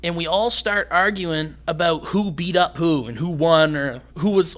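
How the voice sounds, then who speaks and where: Hyped-up young man with a bright voice. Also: a little high, lively intonation. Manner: hyped, fast-talking, swears freely. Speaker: guest, fighter. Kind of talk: casual podcast conversation.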